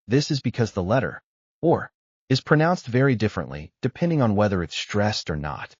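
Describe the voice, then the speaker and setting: A man narrating a scripted language lesson, explaining rules in a measured way. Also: on the low side, very animated, darkish tone, slightly rough, dry recording, muffled recording. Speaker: language teacher.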